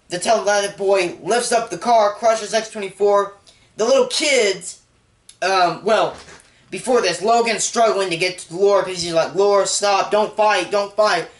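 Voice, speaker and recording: Young male reviewer with a somewhat high voice, recapping a movie casually and getting excited, recorded in a roomy space. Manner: excitable, with sudden jumps in pitch and volume. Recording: echoey room.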